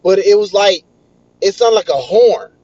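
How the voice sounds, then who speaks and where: High-voiced excitable man. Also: a little slow, dry recording. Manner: excitable, animated retelling. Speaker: vlogger. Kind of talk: casual storytelling. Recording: dull, lo-fi dry recording.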